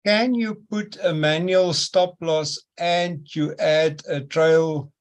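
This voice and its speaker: A man's voice: on the high side, fairly even intonation, takes it slowly. A man taking part in an online trading session over a video call, polite and asking careful questions. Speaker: trader in the session.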